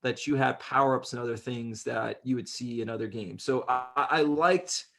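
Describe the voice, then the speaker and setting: A man with a gravelly, fry-tinged voice, talking loosely as a podcast co-host. He banters and jokes in an easygoing way. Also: mid-range voice, moderate pace, a bit bright. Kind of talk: casual podcast chat.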